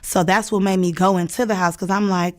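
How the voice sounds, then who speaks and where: A young woman with a middle-pitched voice tells a story in a casual, chatty way. She acts out the lines of the people she quotes. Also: fairly even intonation, a little fast, darkish tone. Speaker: interview guest telling a story.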